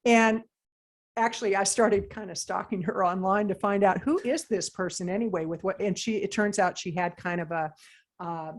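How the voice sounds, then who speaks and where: Woman guest, consultant type, emphatic and animated storytelling in a conversational interview. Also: mid-range voice, moderate pace.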